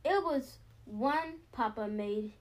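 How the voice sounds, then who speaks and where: A woman reading a children's storybook aloud, steady with small slips and restarts. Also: a little high, slow. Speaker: storybook reader. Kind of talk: children's book read-aloud.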